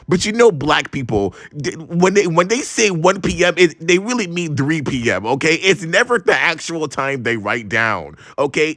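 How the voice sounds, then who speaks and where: A man's voice: a little high, dry recording, clean studio sound. A young man in his twenties from Maryland, telling a story casually with lots of slang and swearing. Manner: animated, profane, slangy, exclaims "bro" a lot. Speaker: storytime vlogger.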